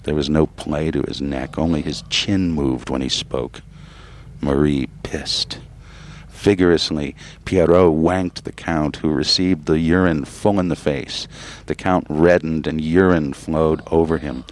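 Very deep-voiced male narrator. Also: steady tone, unhurried. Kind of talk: literary audiobook reading.

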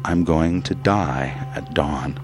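A man's voice: extremely low pitch, slow, soft background music. A man reading the lines of a frightened, desperate young woman in a raised, pleading way.

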